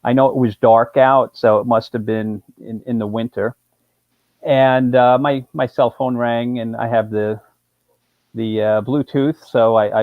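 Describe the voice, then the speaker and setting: A man's voice: medium pitch, no echo. A male attorney, telling a story on a live show and acting out both sides of a phone call. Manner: animated storyteller, acts out phone calls.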